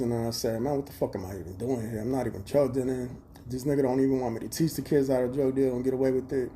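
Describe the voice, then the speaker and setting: A man talks straight into his phone on a livestream. His voice is mellow and dark-toned. He rambles bluntly and swears freely in a streetwise way. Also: mid-range voice, steady tone, quick pace, hardly any pauses, slight background noise. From Chicago. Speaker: livestream host. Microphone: phone camera.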